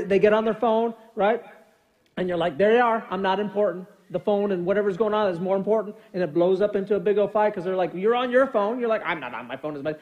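A man in his fifties, a pastor giving a conversational, jokey sermon in a church, acting out little scenes with funny voices. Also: high-pitched. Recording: muffled lo-fi sound.

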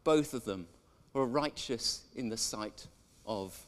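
A man's voice: mid-range voice, takes it slowly. A man preaching a sermon in a chatty way, drawing in the congregation with questions. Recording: echoey church hall.

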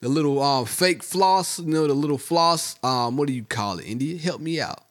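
A man co-hosting a podcast, bantering playfully with his wife and defending himself in an animated way. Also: on the high side, normal speed. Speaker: podcast co-host. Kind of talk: casual couple's banter.

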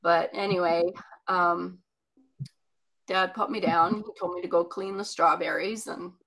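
A woman's voice: on the low side, fairly even intonation, measured pace, fairly bright tone, poor audio. A woman telling a personal childhood story in conversation, chatty and rambling with many asides.

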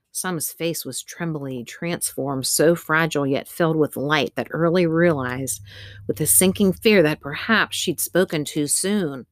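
A woman narrating a children's story in an expressive, measured way. Her voice is low-pitched, and the recording is dry and close. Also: no room sound. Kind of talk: audiobook narration.

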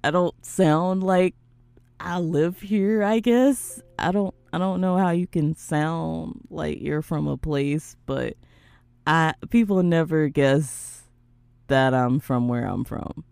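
A young woman from the American South hosting a casual podcast chat, animated and prone to mimicking other people's voices. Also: deep voice, slow pace, creaky, clean tone, dry recording. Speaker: podcast host.

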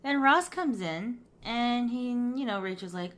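A woman's voice: on the high side, unhurried. A woman co-hosting a podcast, casually recapping a sitcom episode and peppering it with "you know" and "like". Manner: chatty, fills with "you know" and "like", laughs often. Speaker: podcast co-host.

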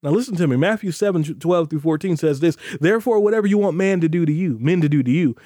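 In this podcast sermon, a pastor with a warm, mellow, slightly high male voice speaks fast and animatedly. His preaching is emphatic, and he stretches out key phrases to stress scripture. The sound is close and dry, free of room tone and echo.

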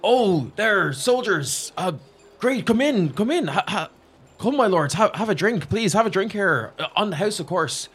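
A man's voice: high-pitched, expressive, moderate pace, fairly bright tone, slightly rough, voice pushed up, exaggerated voice. A man doing a fawning, pushy innkeeper. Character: pushy, overeager male tavern innkeeper.

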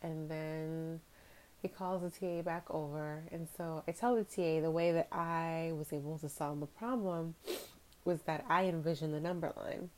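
A woman's voice: low voice, fairly even intonation, normal speed, darkish tone. A young adult woman hosting a podcast, telling a personal story candidly and acting out what others said. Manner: candid, reflective, quotes others in dialogue. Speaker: podcast host.

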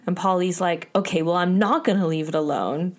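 A young adult woman hosting a casual podcast, retelling scenes with lively quoted voices. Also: a little fast. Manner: animated retelling, quotes people in jumpy high voices. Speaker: podcast host. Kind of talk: casual recap chat.

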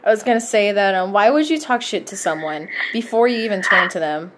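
A woman's voice: mid-range voice, brisk. A woman co-hosting a comedy podcast, reading fanfiction aloud in a playful manner, laughing and swearing freely.

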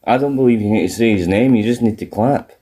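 A young Scottish man co-hosting a podcast in casual chat, deadpan and jokey, spinning absurd scenarios. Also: fairly low pitch, quick pace, husky. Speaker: podcast co-host.

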